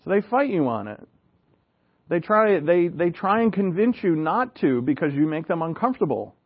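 A man's voice: sits high, sing-song, moderate pace, slightly rough. Pastor guy preaching, talks to the room like a chat, lots of "right?" questions, kinda dull lo-fi sound. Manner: earnest, conversational preaching with asides and rhetorical questions. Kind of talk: sermon.

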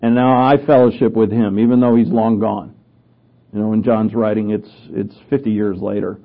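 A man's voice: lowish voice, flat delivery, normal speed. A man preaching a conversational Bible lesson, with offhand asides and frequent restarts as he explains scripture. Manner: conversational teaching, with asides and self-corrections. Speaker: pastor teaching a Bible study. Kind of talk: sermon. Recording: tinny phone-like sound.

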